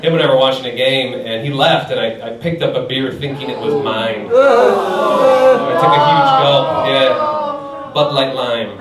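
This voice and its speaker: A man's voice: mid-range voice, steady tone, moderate pace. A man performing a stand-up comedy set on a club stage, telling stories animatedly and chuckling through his punchlines. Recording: echoey club from a distance, loud noise.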